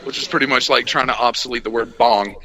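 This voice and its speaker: A man's voice: medium pitch, steady tone, fast, a crowd in the background, poor audio. A man telling a crude story in casual podcast chat, voicing both sides of the exchanges he describes. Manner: crude, laid-back storytelling with quoted exchanges.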